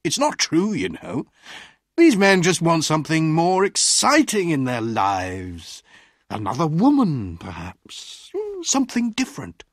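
Reader doing a scoffing middle-aged guy brushing things off, slow and dry. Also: medium pitch, huge pitch swings, no room sound, full character voice. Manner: dismissive, scoffing.

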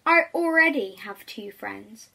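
A woman voicing a timid but stubborn little cave creature in a storybook reading, with a high, polite way of refusing. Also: expressive, a little slow, vocal fry, sharp tone, exaggerated voice. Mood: politely stubborn.

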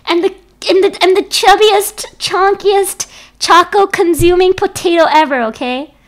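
A woman's voice: very high voice, moderate pace. A young woman streaming from home into a desk microphone, chatting casually and playfully with her viewers, often giggling.

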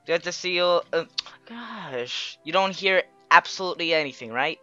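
A woman casually commentating a video game with a friend, excitable and giggly, slipping into playful silly voices. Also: lowish voice, normal speed, dry recording, dull audio. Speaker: let's play gamer. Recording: faint game music behind.

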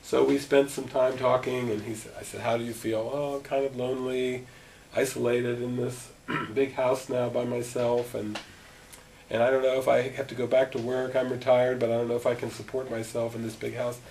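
In a gathering's meeting room, a middle-aged spiritual teacher shares stories with energy, acting out the conversations, in a medium-pitched voice with vocal fry at a moderate pace. The recording comes from a distant microphone and carries faint noise.

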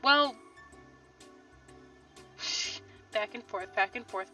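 A woman's voice: sits high, expressive, measured pace, long pauses, sharp tone, soft background music. A young woman giving casual, wry commentary while playing a video game, thinking aloud. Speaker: let's play host. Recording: slightly distant, dull lo-fi mic.

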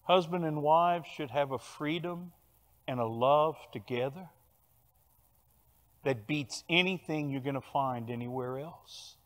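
An older man with a Cajun Louisiana accent preaching a sermon, telling stories with animated bursts of loud emphasis. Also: a little high, measured pace. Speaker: pastor. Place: large church sanctuary. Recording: long church hall reverb.

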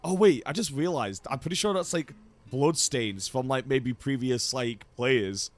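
A young man commentating on his gameplay, swearing freely and yelling when the game goes against him. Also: mid-range voice, unhurried. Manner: excitable, swears a lot, yells in frustration. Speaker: gaming YouTuber.

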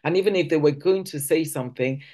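Speaking quickly in a low, dark voice, a Nigerian woman gives a conversational teaching talk at church. She keeps restarting sentences and acts out the speech she quotes.

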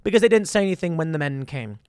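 A man's voice: fairly high pitch, lively intonation, fast, a little mellow, no echo, clean studio sound, natural voice. A man doing a mocking impersonation of a female politician. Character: impression of a female American politician.

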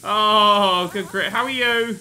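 Excitable bright-voiced gamer man. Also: high voice, slow pace. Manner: excitable, sarcastic, swears freely, bursts into panicked shouting. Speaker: gaming channel host. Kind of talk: comedic let's play commentary.

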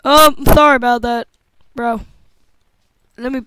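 A young woman giving casual, jokey let's-play commentary from home, excitable and talking back to the game as she plays. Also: a little high, unhurried, background noise. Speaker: gameplay commentator.

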